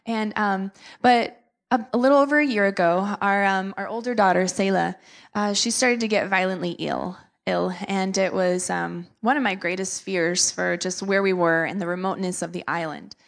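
A woman's voice: mid-range voice, fairly even intonation, normal speed, gravelly. A young woman, a missionary, giving an earnest and emotional testimony to a church, with many fillers. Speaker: missionary speaker.

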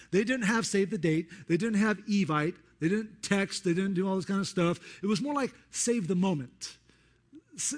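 Animated high-voiced male preacher. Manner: conversational, animated preaching with acted-out quotes. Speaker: pastor. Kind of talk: sermon.

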